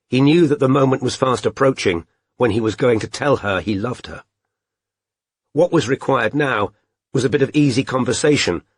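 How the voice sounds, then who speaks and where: A male audiobook narrator with a husky, slightly breathy voice at a middle pitch, reading in a measured, even way. The recording is dry and close, with no room sound. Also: no room sound. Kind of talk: scripted narration.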